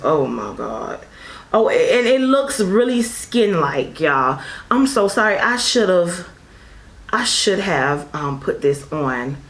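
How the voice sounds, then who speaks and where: Chatty beauty vlogger woman, echoey room. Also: mid-range voice. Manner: chatty and effusive, calls viewers girl and honey; apologetic, rambling asides. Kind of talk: casual makeup review.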